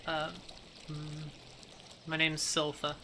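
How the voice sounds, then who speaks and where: A man's voice: a little high, completely flat delivery, a little hiss or hum. Man voicing a frightened timid young woman. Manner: hesitant, halting, soft-spoken.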